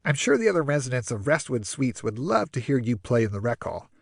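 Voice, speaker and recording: A man's voice: mid-range voice, very animated, a little fast, vocal fry, dry recording, clean studio sound. A man voicing a nasal, cheapskate male care-home manager who speaks politely and ingratiatingly.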